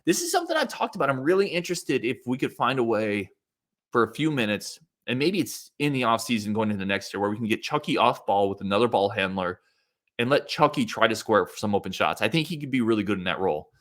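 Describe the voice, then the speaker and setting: A man with a somewhat low voice hosts a solo sports podcast, giving his opinions in a casual, chatty way. He talks through his points with frequent restarts and fillers, and stops now and then to answer listener comments. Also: sing-song, quick pace, a bit bright. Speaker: podcast host.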